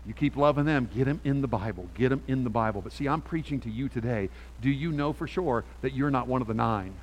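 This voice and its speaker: A middle-aged male pastor preaching a sermon on a handheld mic, animated and emphatic, swinging from quiet asides to loud peaks. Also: mid-range voice, fast, in a large hall, slight background noise.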